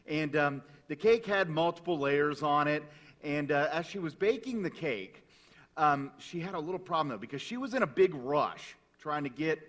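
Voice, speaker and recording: Brief: male pastor, slightly high voice, lively storytelling sermon, recorded from across an echoey church. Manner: conversational, animated, acts out quoted characters. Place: church sanctuary. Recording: echoey room, from a distance.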